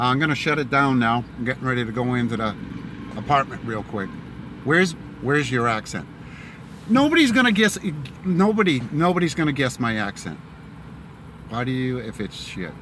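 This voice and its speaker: A man's voice: medium pitch, expressive, a little fast, fairly bright tone, slight background noise. Chatty man with a mixed Boston accent. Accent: mixed Boston and Tennessee. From Massachusetts, Boston area. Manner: rambling, chatty, many fillers. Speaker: live-streaming driver. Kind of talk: casual live-stream chat while driving. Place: inside a car in the city.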